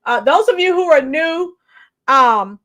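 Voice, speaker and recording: A schoolteacher in her fifties chats with viewers and reads the chat on a casual livestream, occasionally breaking into song. Her voice is high, animated, and fairly bright, and she doesn't rush.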